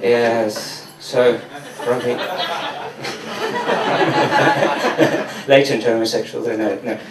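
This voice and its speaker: A stand-up comedian from Mauritius, doing a sardonic, profane routine at a comedy venue. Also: male voice, medium pitch, big pitch swings, very slow, very noisy. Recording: echoey room from a distance.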